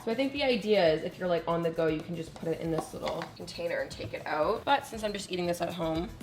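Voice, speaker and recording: A young woman vlogging casually in her home kitchen, gushing and bubbly, full of "like" fillers, her voice a little hoarse. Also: lowish voice, quick pace. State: slightly hoarse, losing her voice. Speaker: lifestyle vlogger. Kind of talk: casual chat.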